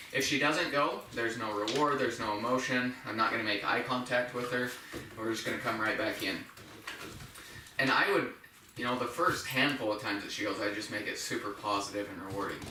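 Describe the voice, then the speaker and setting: A man with a sharp tone, a dog trainer, demonstrates at home step by step, explaining in a plain, practical way and using a high praise voice for the puppy. He's far from the mic, with roomy echo and a little hiss or hum.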